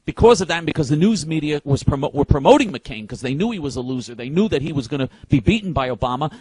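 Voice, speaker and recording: A man's voice: on the high side, animated, fast talker, a little mellow, slight background noise. A man delivering a heated political rant, indignant and emphatic, stumbling over repeated words as he pushes on. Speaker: political commentator.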